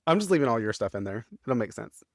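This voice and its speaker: A man's voice: medium pitch, big pitch swings, fast talker, no room sound, clean studio sound. A man co-hosting a casual recap chat, laughing often, swearing freely and reading out favorite quotes. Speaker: podcast co-host.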